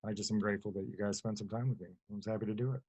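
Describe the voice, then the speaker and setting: A guest artist on a webinar video call answers questions in a rambling, plainspoken way, often correcting himself mid-sentence. His voice is on the low side, steady and warm, and he talks rapid-fire.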